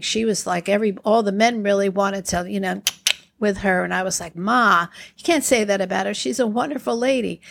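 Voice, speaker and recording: A woman's voice: mid-range voice, creaky. A woman in her sixties hosting a podcast, telling chatty personal stories and acting out the quotes. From Long Island, New York. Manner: chatty, animated anecdotes with acted-out quotes. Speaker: podcast host. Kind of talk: casual storytelling.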